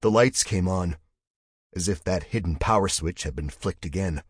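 A man reading a science-fiction audiobook in a measured, steady scripted narration. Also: low-pitched, breathy edge, dry recording, studio quality.

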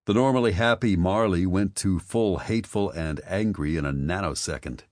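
A man reading an audiobook as its narrator, with expressive storytelling. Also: low voice, moderate pace, no echo, clean studio sound. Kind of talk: scripted narration.

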